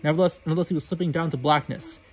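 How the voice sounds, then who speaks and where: Reader, man, fast husky storybook reading, trips over words. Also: on the high side, fairly even intonation. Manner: fast, with frequent stumbles and restarts.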